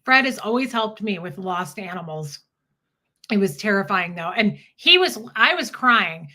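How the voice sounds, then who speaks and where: A woman co-hosting a casual livestream chat tells a story with lots of animation, acting out what people said. Her voice is mid-range and her pace moderate.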